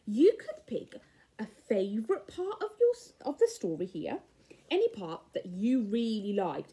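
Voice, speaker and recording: A woman teacher reading a picture book to young children, animated and full of questions and gasps. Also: medium pitch, breathy edge. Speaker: primary school teacher.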